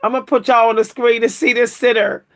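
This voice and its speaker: A woman hosting a casual livestream, talking to her viewers, laughing often and exclaiming in a high squeal. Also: fast talker. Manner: animated, keeps exclaiming "what?" in a high squeal; laughs between remarks, talks to viewers as "y'all". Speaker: livestream host reacting to pictures.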